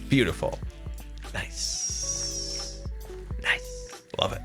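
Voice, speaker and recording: A man's voice: on the low side, takes it slowly, pauses often, fairly bright tone, soft background music. A man live-streaming a game, chatting casually with viewers in a rambling way and laughing often. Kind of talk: casual live-stream chat while gaming.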